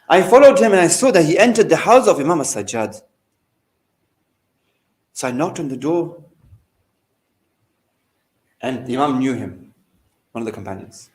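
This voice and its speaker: A man's voice: high voice, low-quality recording. A man, a shaykh giving a sermon, telling stories as his volume and pace rise and fall. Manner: storytelling, rising and falling in volume and pace. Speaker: shaykh giving a majlis lecture. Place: mosque hall.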